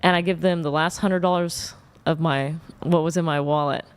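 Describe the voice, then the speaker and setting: A woman's voice: low-pitched, normal speed, smooth. Profane young woman telling a story. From Oklahoma. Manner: blunt, profane, animated storytelling. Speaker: dating show guest.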